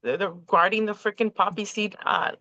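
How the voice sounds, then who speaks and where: Bright, profane woman rambling fast. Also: mid-range voice, no echo. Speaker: podcast host. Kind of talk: casual conspiracy chat. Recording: dull lo-fi call audio.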